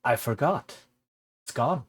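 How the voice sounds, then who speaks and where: A man's voice: medium pitch, lively intonation, slow, slightly rough. A young man streaming a game, rambling casually and laughing at his own forgetfulness. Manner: rambling, self-deprecating, laughs easily. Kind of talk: casual gameplay commentary.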